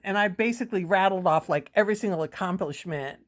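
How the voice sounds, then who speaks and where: A middle-aged woman telling a personal story in a casual, excited way, often quoting herself with exclamations. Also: medium pitch, quick pace. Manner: excited, breathless retelling with quoted exclamations. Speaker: vlogger sharing a personal memory.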